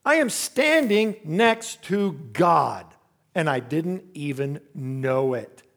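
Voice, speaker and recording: A man's voice: fairly high pitch, animated, slow pace, vocal fry, a bit bright. A man preaching a sermon in a conversational, humorous storytelling way, full of asides and questions to the congregation.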